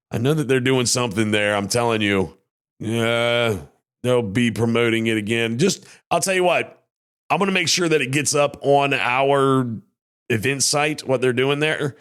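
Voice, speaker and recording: A man's voice: mid-range voice, unhurried, a bit bright, smooth. A man hosting a casual local podcast. He talks in an easygoing, rambling, folksy way, and his voice sounds worn and strained. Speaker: podcast host.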